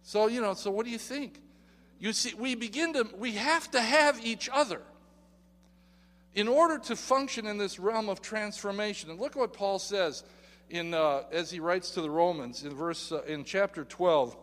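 A man preaching a sermon in a church, animated and putting questions to the congregation. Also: high-pitched, normal speed, long reverb tail. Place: church sanctuary.

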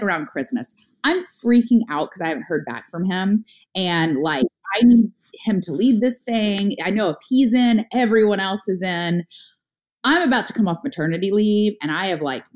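A middle-aged woman telling a story in casual conversation, talking fast with lots of filler words and acting out what people said. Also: lowish voice. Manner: fast, chatty, lots of "like" fillers, acts out her own past lines. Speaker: guest, startup founder.

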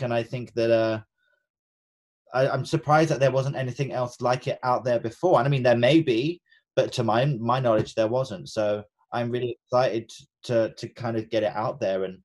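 A man's voice: on the low side, darkish tone. A man co-hosting a podcast, talking in an earnest, reflective way with fillers and restarts. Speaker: podcast co-host and coach. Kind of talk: casual podcast chat.

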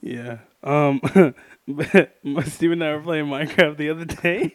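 A man's voice: fairly high pitch, measured pace, dry recording, clean studio sound. A young man hosting a casual podcast, joking, swearing and laughing a lot. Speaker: podcast host. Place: garage bedroom. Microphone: studio mic.

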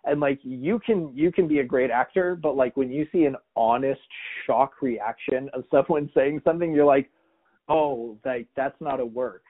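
A podcast host with a medium-pitched voice chats casually at a moderate pace with few pauses, telling rambling stories full of restarts and quoted back-and-forth voices. The sound is tinny, like a phone line.

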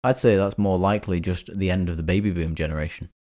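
A man's voice: sits low, fairly even intonation, fast talker, mellow. A man co-hosting a casual podcast, chatty and jokey, riffing on side topics. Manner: jokey and chatty, riffs on tangents. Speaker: podcast co-host.

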